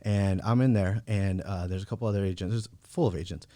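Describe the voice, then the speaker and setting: A man speaks quickly, words tumbling out, with a somewhat low voice. He tells his story casually and with emphasis, leaning on fillers and "bro" as he goes. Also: steady tone, mellow. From United States. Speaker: podcast guest. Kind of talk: personal testimony in casual conversation.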